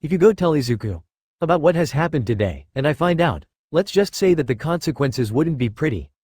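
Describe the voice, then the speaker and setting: A man voicing a calm, menacing villain mastermind. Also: fairly high pitch, no echo, studio quality. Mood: coldly threatening. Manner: smooth, slow and threatening. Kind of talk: audiobook character voice.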